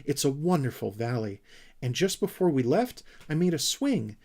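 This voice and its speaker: Man doing an eager young troll creature, excitable, animated. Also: medium pitch, moderate pace, pitched above the performer's own voice. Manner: enthusiastic, excitable.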